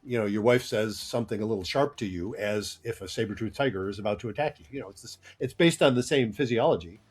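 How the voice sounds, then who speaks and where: A man's voice: lowish voice, fast talker, slightly rough, soft background music. A man speaking as a therapist guest, explaining ideas earnestly in conversation and laughing between points.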